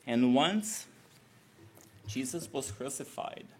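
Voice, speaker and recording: A man's voice: mid-range voice, expressive, takes it slowly, husky. A man preaching a sermon as a conversational retelling of a scripture story, often asking his listeners "right?" as he goes. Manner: conversational, with tag questions.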